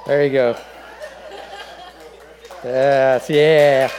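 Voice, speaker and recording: A man's voice: fairly high pitch, slow pace, pauses often, long reverb tail, a faint crowd, slight background noise. A man preaching a sermon as pastor, folksy and joking with the congregation. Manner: folksy joke-telling.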